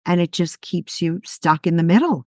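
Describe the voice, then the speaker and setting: In a podcast conversation, a woman explains things steadily and often responds with brief, affirming agreement. Her voice is lowish with lively intonation at a moderate pace, recorded in studio quality with no room sound.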